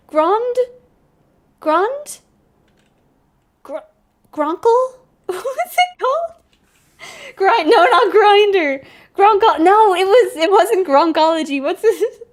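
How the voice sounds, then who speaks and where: A young woman streaming a game, chatting casually, giggling and squealing often. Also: extremely high pitch. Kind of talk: casual gameplay commentary.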